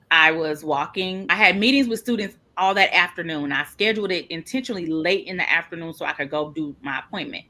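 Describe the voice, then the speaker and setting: A woman telling a personal story in an interview, lively and expressive, acting out the people she quotes. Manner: animated, acts out quoted people with big pitch jumps. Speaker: podcast guest.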